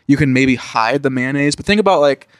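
A man's voice: mid-range voice, fairly quick, smooth, dry recording, studio quality. A man co-hosting a podcast in a casual chat, who thinks aloud as he talks.

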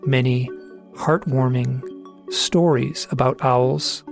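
A man's voice: mid-range voice, steady tone, takes it slowly, vocal fry, soft background music. A middle-aged man telling a personal story in an earnest, reflective way, often restarting his sentences. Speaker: speaker telling owl stories.

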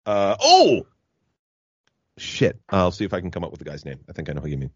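A man in his fifties co-hosting a casual podcast, laid-back with quick replies. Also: low voice, wildly swooping pitch, husky, dry recording, highs cut off. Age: 50s. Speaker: podcast co-host. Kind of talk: casual chat.

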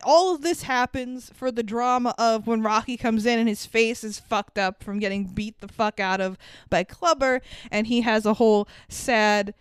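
Woman co-host, casual podcast chat, blunt and sweary, smooth clear voice, dry close mic, slightly high. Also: moderate pace, no echo. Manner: blunt, sweary, laughs while recounting scenes.

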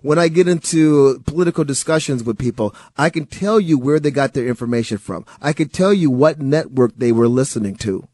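A man filling in as a talk radio host, giving an animated, sarcastic monologue and chuckling at times. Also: medium pitch, fairly quick, few pauses, dry recording, clean studio sound.

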